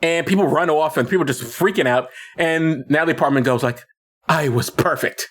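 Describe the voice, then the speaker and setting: A man co-hosting a podcast, retelling a film in casual chat with lots of restarts and laughs. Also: a little high. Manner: animated, halting retelling with many restarts and laughs. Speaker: podcast co-host.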